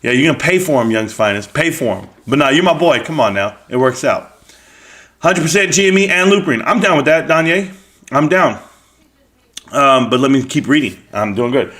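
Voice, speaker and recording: A man's voice: medium pitch, animated, normal speed, a bit bright. A man hosting a live stream, chatting casually and reading viewer comments aloud with joking banter and frequent laughs.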